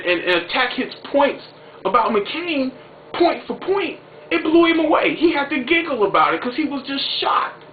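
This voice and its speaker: A man giving opinionated political commentary in a video blog, talking in an excitable, slangy way with emphatic exclamations. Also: very high-pitched. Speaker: video blogger. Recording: tinny echoey home recording with faint noise.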